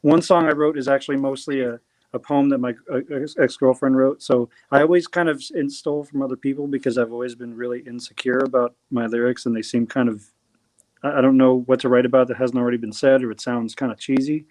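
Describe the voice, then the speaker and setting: A man's voice: medium pitch, steady tone, fast, a little mellow, dry recording. Rambling, hesitant male singer-songwriter. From New Jersey. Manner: rambling and hesitant, many fillers and restarts. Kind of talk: casual interview chat.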